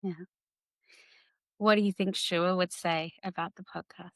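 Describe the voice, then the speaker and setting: A woman interviewing a guest, speaking in a supportive, measured way. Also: lowish voice, fairly even intonation, no room sound. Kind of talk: interview conversation.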